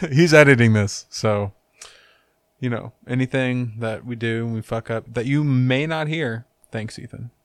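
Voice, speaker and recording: A man's voice: medium pitch, measured pace, no echo, clean studio sound. Laid-back young man hosting casual chat. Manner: laid-back, rambling, teasing. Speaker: podcast host.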